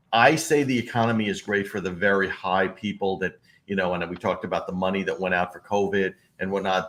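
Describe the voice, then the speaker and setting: A man's voice: fairly low pitch, fairly bright tone. A man guesting on a political talk show, speaking earnestly in loose, rambling casual chat.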